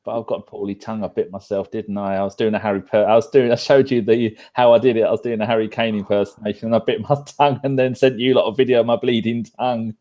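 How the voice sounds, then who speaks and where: A man's voice: on the low side, level tone, quick pace, few pauses, mellow. A man joking around as a podcast co-host, self-mocking and casual.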